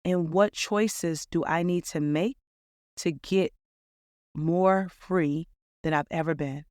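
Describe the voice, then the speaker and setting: Woman podcast host, earnest and upbeat, smooth voice, dry close sound. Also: lowish voice, takes it slowly, a little mellow, dry recording. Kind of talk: reflective podcast monologue.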